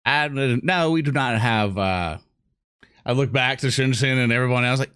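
A man's voice: medium pitch, normal speed, fairly bright tone, clear, resonant tone, no echo, clean studio sound. A man playing a tabletop role-playing game, speaking politely and apologetically in character. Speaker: player.

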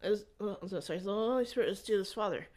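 A woman in an interview, telling a personal faith story in a rambling, halting way with frequent restarts. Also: medium pitch, a little mellow. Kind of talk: conversational testimony.

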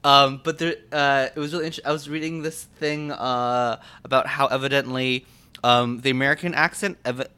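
Man with a smooth voice, hesitant. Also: mid-range voice, fairly even intonation, normal speed, pushed and bright. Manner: hesitant, apologetic tangents. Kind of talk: casual chat.

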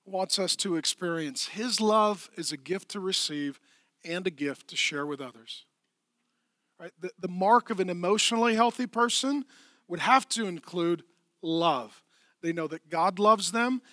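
Bright, high-voiced preaching man. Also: no room sound, clean studio sound. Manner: emphatic preaching, drops to soft sighing hush. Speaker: pastor. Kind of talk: sermon.

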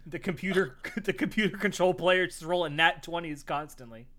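A man's voice: on the high side, normal speed, bright, forceful tone. A man, chatting casually on a podcast and trading teasing jokes. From Southern United States. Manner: teasing, joking banter. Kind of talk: casual chat.

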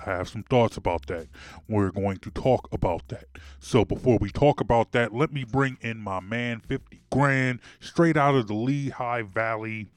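A low-pitched man hosts a sports podcast in a loose, conversational way. He sounds worked up and presses his points hard, repeating lines for stress, over faint music. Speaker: podcast host. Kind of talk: casual sports podcast talk.

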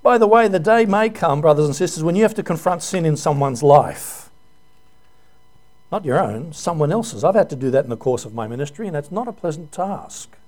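A man's voice: on the high side, expressive, brisk, a little mellow. A male pastor giving an earnest, emotional sermon full of rhetorical questions.

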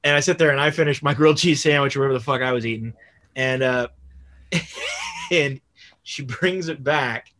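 A man's voice: medium pitch, wildly swooping pitch, moderate pace, pauses often, fairly bright tone. A young man telling a casual, rambling story on a podcast, swearing freely and padding his sentences with "like.". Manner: rambling, profane, full of "like" fillers.

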